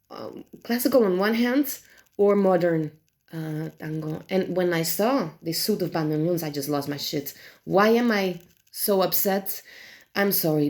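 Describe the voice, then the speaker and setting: A woman reviewing tarot decks in casual chat, animated and exasperated, swearing freely and talking with many fillers and restarts. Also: lowish voice.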